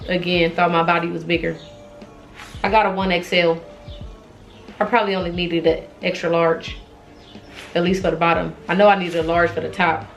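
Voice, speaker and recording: A young woman chatting casually, expressive and exclaiming, talking straight to viewers. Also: fairly low pitch, normal speed, vocal fry, long pauses, faint music behind, rough recording. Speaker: fashion vlogger. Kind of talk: casual try-on haul chat.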